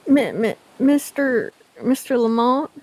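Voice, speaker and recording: A man's voice: very high-pitched, slow, darkish tone, pitched above the performer's own voice, exaggerated voice. A man voicing a superstitious ship crew member who pleads urgently. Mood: pleading.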